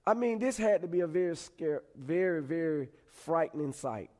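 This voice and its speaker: Guy preaching, kinda high voice, animated storytelling, talks to the folks like a chat. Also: moderate pace, hardly any pauses, long reverb tail. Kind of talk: sermon.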